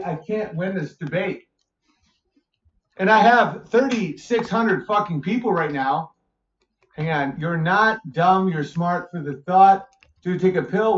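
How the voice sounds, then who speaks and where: A high-voiced man rants on a livestream, swearing and exasperated as he argues. The sound is roomy and muffled, like lo-fi stream audio. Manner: profane, exasperated, argumentative. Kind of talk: heated livestream rant.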